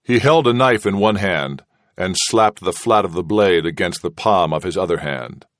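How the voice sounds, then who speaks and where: Deep-voiced male audiobook narrator. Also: dry recording, studio quality. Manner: steady, measured reading. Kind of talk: scripted narration.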